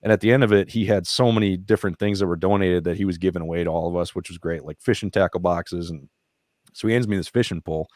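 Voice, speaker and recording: Dry, close studio audio with little echo captures a deep, low-voiced man, a veteran and nonprofit founder, talking fast on a podcast. He swears without restraint and retells his experiences casually, candidly, and with animated, visible emotion.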